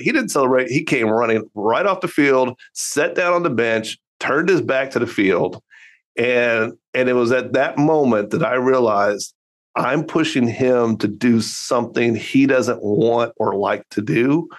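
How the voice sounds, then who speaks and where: Earnest middle-aged man telling a story. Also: mid-range voice. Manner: earnest, reflective. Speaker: podcast guest, father and coach. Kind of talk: casual conversational storytelling.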